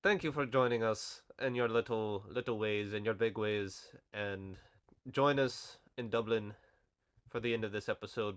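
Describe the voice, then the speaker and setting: Low-voiced joking podcast host man. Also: normal speed, a bit bright. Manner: joking, loose, swears freely. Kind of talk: casual chat.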